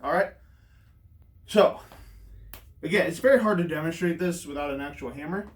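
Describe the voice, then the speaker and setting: A man's voice: on the high side, moderate pace, far from the mic. A man coaching hammer throw technique, out of breath, demonstrating moves as he explains them in a loose, rambling way with many fillers. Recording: roomy echo, speaking from away from the mic.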